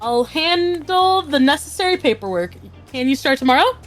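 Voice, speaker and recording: A woman reading out a brisk town official's lines from a game, slowly and without any accent. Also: high-pitched, expressive, a bit bright, soft background music. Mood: businesslike. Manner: read aloud slowly, no accent.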